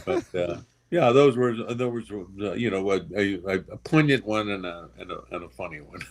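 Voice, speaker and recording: An older man, a special guest, telling personal stories in a casual, halting way, often pausing and restarting, and tending to get emotional. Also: fairly low pitch, animated. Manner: halting, with many pauses and restarts; gets emotional while recovering. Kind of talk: casual anecdotal storytelling.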